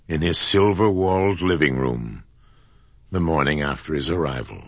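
A man narrating a story in a measured, expressive reading. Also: rumbling low, no echo, highs cut off.

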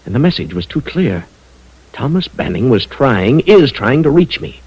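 A man's voice: medium pitch, big pitch swings, normal speed, darkish tone, slightly rough, poor audio. An actor playing an earnest young man convinced a stranger's mind is reaching him, in an old radio drama. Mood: insistent. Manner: eager, insistent. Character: earnest young male psychic-minded scholar. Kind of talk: 1940s radio acting.

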